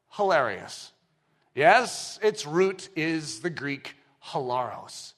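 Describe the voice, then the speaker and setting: A man preaching a sermon, swinging from hushed asides to shouted exclamations and acting out quoted voices. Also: high voice. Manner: animated, shifts between hushed and shouting. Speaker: pastor.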